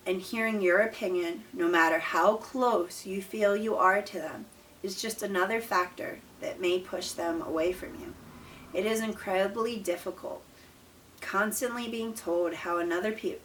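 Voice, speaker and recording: A young woman, a parent of an autistic child, gives earnest, calm advice in a numbered list, speaking straight to camera. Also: on the low side, slight background noise. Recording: voice a bit distant from the mic.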